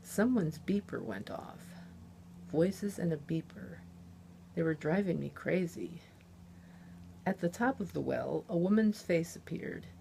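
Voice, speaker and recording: Slow, gravelly woman reading her novel. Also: lowish voice, dark tone, a little hiss or hum. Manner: measured, plain storytelling. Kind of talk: first-person novel reading. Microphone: omnidirectional studio mic.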